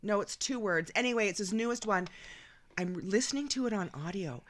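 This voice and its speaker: A woman from Canada co-hosting a podcast, chatting casually with enthusiastic, excitable energy. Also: medium pitch, fairly quick. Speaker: podcast co-host. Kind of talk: casual chat.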